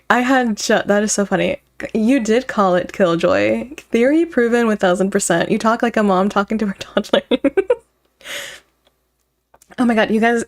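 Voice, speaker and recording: Giggly woman streamer chatting. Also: on the high side. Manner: giggly, chatty, talks to chat. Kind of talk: casual reaction chat.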